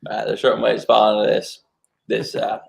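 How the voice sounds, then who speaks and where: A man doing an impression of a slow-talking southern movie star, with vocal fry and a drawn-out cool delivery. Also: fairly low pitch, monotone. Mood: laid-back. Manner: drawn-out, repeats "all right".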